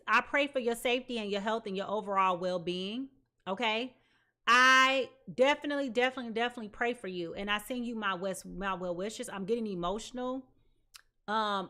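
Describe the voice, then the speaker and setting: A woman giving a live tarot reading, chatty and slangy, talking straight to her viewers and swinging between loud and soft. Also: fairly high pitch. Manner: chatty and slangy, addresses viewers as y'all and child. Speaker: tarot reader.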